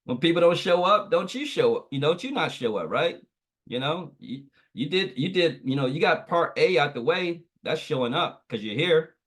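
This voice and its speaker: A man's voice: on the high side, lively intonation, moderate pace, a bit bright. A man giving a motivational training talk on a video call, preachy and repetitive, telling a parable. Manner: preachy, repeats phrases, tells a parable. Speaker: guest trainer.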